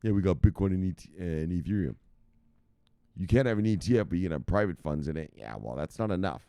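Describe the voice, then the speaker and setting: A man's voice: sits low, lively intonation, fast, dark tone, clear, resonant tone, no room sound. A man hosting a crypto news show in casual, profane commentary, brash and laughing at his own jokes. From United States.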